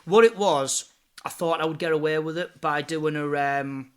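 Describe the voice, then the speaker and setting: A chatty man talks easily in an interview, laughing often as he tells stories. His voice is bright and forceful and sits a little high. He drops "you know" into nearly every line. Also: normal speed, clear, resonant tone. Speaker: guest, impressionist and comedian. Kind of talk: casual interview chat.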